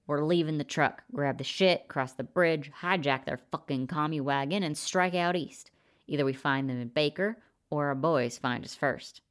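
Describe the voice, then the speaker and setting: A man's voice: a little high, moderate pace, a bit bright, natural voice. A woman voicing a swaggering right-wing prepper man who talks crudely and rallies his friends in a storybook reading. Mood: scheming. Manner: crude, fired-up rallying talk.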